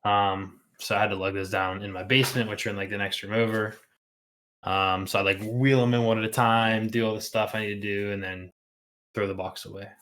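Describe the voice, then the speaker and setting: A man's voice: fairly low pitch, little pitch movement, a little fast, fairly bright tone. A man co-hosting a casual streamed chat, laid-back and rambling with many fillers. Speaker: podcast co-host.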